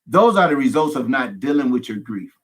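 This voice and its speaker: A pastor speaking candidly as a guest, emphatic, with folksy humorous asides and runs of repeated phrases. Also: male voice, medium pitch, big pitch swings, brisk. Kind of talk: candid conversational testimony.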